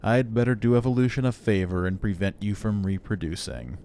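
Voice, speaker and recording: A man voicing a smug male android who talks down to humans in a slow, drawn-out, patronizing manner. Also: lowish voice, dark tone, a little hiss or hum, lightly acted. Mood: condescending.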